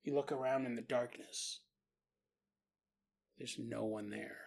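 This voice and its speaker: A man hosting a podcast, telling a story in a casual, animated way, laughing often and acting out quotes. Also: mid-range voice, slow pace, gravelly, slightly rough. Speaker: podcast host.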